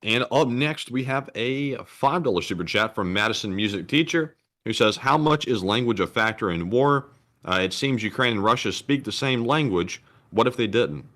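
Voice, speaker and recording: A man co-hosting a live stream who reads out viewer donations and messages in a steady, routine way. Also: mid-range voice, moderate pace. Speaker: co-host reading viewer donations. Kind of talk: reading out super chats.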